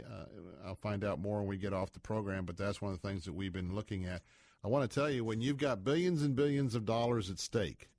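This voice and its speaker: A man's voice: fairly low pitch, darkish tone, no room sound, studio quality. A middle-aged man hosting a talk radio show, rambling in a folksy manner with many filler sounds.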